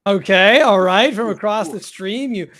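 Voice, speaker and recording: A man as game master, narrating a tabletop game slowly, with many pauses and fillers. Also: high voice, fairly bright tone.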